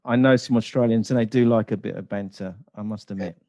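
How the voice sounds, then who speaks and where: A man's voice: fairly low pitch, fairly even intonation, fast talker, mellow, dry recording. A man hosting a podcast, opening with a formal scripted introduction before moving into polite chat with his guest. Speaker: podcast host. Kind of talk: podcast interview.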